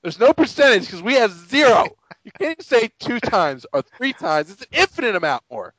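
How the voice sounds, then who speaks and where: A man's voice: very high-pitched, very animated, brisk, noisy background. A man co-hosting a sports podcast, ranting in an exasperated, sarcastic way and mocking people in quoted voices. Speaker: podcast co-host. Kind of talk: casual sports podcast rant.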